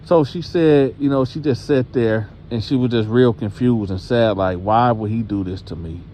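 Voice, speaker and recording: A man's voice: mid-range voice, warm tone, slight background noise. A man telling a story in a casual, conversational way, speaking directly to his listeners.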